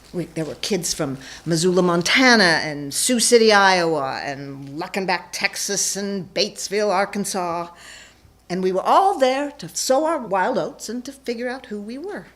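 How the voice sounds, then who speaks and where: A woman telling a personal story onstage before a live audience, playful and self-mocking. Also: lowish voice.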